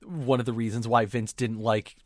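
A man co-hosting a podcast in casual chat, joking, swearing and getting excited. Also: mid-range voice, normal speed, no echo, clean studio sound. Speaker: podcast co-host.

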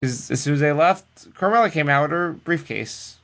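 Animated, profane male podcast host. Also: on the high side, normal speed. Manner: animated, profane storytelling that acts out the people it quotes. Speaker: podcast co-host recapping wrestling. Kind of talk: casual chat.

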